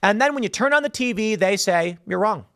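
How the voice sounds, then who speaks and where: A man talks straight into a close mic in a dry room, and his pitch rises and falls all through a sarcastic political monologue. His voice sits a little high for a man, and he keeps shifting into mocking voices as he tells his stories. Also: a little fast, clear, resonant tone, dry recording. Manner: sarcastic, animated storytelling with mocking quoted voices. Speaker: political commentary host. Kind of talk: solo political commentary monologue.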